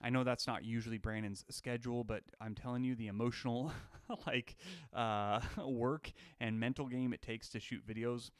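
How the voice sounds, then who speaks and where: A man's voice: mid-range voice, fairly even intonation, normal speed, smooth, dry recording, clean studio sound. Chatty man hosting a casual live stream. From Alaska. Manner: chatty, jokey, greets viewers by name. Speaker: livestream host. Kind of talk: casual livestream chat. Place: on his home deck.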